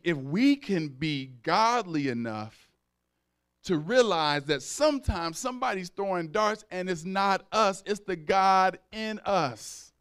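Male pastor, slightly high, clear voice; conversational sermon with call-outs and acted-out voices. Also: a bit bright. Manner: acts out dialogue in raised voices.

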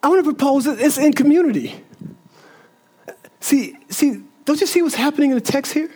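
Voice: sits high, expressive, normal speed, a little mellow. A pastor preaching a sermon earnestly, repeating phrases and building in bursts.

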